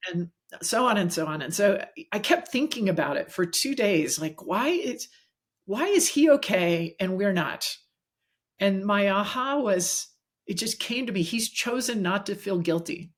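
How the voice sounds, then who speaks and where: A woman's voice: medium pitch, animated, a little slow. A middle-aged woman, a guest executive coach, telling earnest anecdotes in a casual interview.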